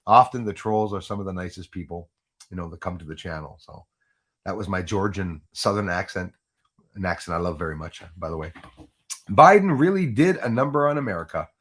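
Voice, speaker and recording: A man's voice: deep voice, animated, brisk, fairly bright tone, breathy edge. A man rambling through a casual live stream from his home setup. He restarts his sentences often and laughs at his own jokes. He talks into a USB microphone. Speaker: livestream host. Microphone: Yeti USB microphone.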